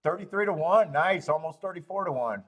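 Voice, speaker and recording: A man hosting a horse racing betting livestream, thinking aloud through the odds and cracking himself up with loud bursts of laughter. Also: a little high, lively intonation, brisk. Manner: thinks aloud, laughs at his own jokes; loud bursts when amused. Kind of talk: casual livestream handicapping commentary.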